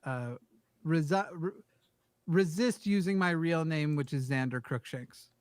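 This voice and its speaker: High-voiced joking man on a panel. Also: measured pace, darkish tone, dry recording. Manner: joking, swears freely. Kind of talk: casual panel chat.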